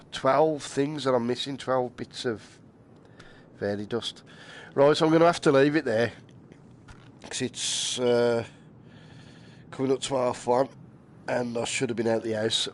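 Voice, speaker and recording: A man's voice: mid-range voice, unhurried, pauses often, slight background noise. A man chatting casually to viewers while streaming a game, laughing often and swearing lightly. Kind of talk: casual live-stream chat.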